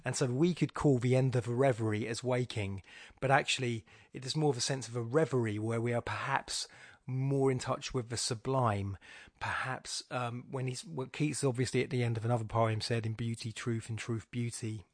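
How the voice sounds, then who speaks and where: A podcast host reads through a poem aloud, musing and wandering as he thinks, often restarting his sentences and dropping wry jokes at his own expense. His mid-range voice is fairly even and moderately paced, recorded in clean studio quality with no echo.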